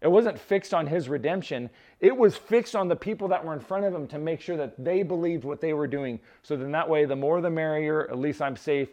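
A man's voice: a little high, brisk, hardly any pauses, darkish tone. A male pastor preaching a sermon in a conversational way who often checks in with "right?" and drops joking asides. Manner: conversational, tags points with "right?", jokes aside.

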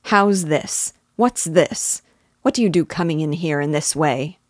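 A woman's voice: low voice, a little slow, dry recording, studio quality. A blustering old squire, as a woman reader puts him on. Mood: angry. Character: old male squire, angry and commanding.

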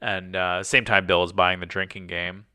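Podcast co-host guy, rambly and animated, says like a lot, bright clear voice. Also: low-pitched, moderate pace, no echo, studio quality. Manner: rambling storyteller, heavy use of "like"; animated, acts out quoted conversations. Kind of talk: casual chat.

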